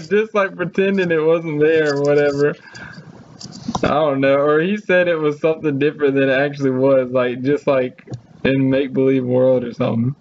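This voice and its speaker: A man's voice: a little high, normal speed, muffled recording, slight background noise. A man chatting casually, rambling through a story with lots of "you know" fillers. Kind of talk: casual chat.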